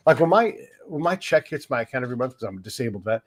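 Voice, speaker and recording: A blunt podcast host with a husky, slightly raspy voice. He talks loosely, swears freely and muses aloud in plain conversational phrasing. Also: mid-range voice, big pitch swings, rapid-fire. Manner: blunt, profane, laughs easily.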